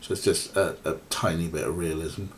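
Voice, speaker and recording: Low-pitched and a little fast, with fairly even intonation, this streamer chats through a point-and-click game in a rambling let's-play style. Fillers abound as he addresses his viewers and his cats.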